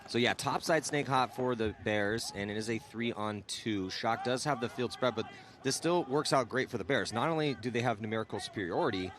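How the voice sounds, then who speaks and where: A man's voice: mid-range voice, a little fast. A man calling a live paintball match in casual, chatty play-by-play. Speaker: paintball commentator. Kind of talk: live sports commentary. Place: outdoor paintball event. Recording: crowd noise behind.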